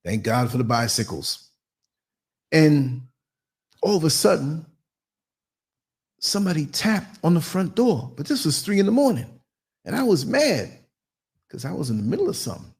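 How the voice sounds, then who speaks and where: A man spins a story on his live podcast show. His voice sits a bit high and swings widely in pitch, theatrical and full of acted-out sounds. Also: big pitch swings, moderate pace, vocal fry, pauses often, darkish tone. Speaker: podcast host.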